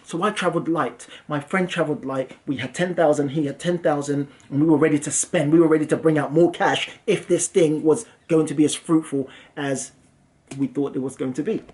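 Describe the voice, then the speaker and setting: An English man in his young adult years, telling a story for his vlog in a lively, self-mocking way. His voice sits a little higher than most men's. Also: a little fast. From England. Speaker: property investor and channel host.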